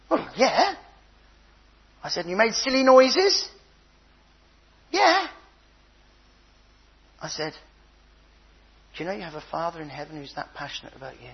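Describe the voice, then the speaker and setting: An older man preaching a sermon, telling stories with playful voices and a husky tone. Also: sits high, highs cut off. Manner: animated storytelling with playful voices.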